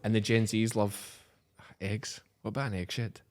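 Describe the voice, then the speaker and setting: A man hosting a casual farming podcast chat, teasing and pushing his guests with quick questions. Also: on the low side. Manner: animated, teasing, leading the talk with quick questions. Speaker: podcast host.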